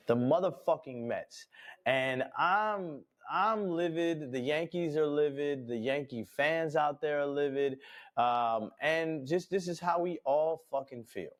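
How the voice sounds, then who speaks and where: A man from New York hosting a sports podcast, ranting bluntly and profanely in casual talk. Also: on the high side.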